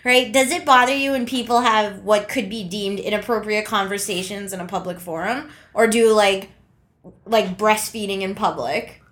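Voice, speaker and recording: A woman's voice: mid-range voice, steady tone, moderate pace, fairly bright tone. A woman from Canada co-hosting a podcast in casual chat, giggling often and filling her talk with "like" and "um". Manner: giggly, frequent fillers like "like" and "um". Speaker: podcast co-host.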